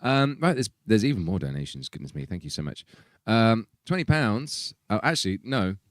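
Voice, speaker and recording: A man's voice: on the low side, big pitch swings, moderate pace, no room sound, clean studio sound. A man hosting a stream, reading donations aloud in giggly casual chat. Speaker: band member hosting a stream.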